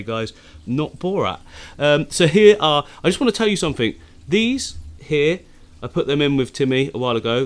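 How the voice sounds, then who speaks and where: A man hosting a fishkeeping vlog from his home tank studio, chatting eagerly to camera with frequent laughs, his voice deeper from the early morning. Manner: chatty and enthusiastic, laughs often. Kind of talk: casual chat to camera.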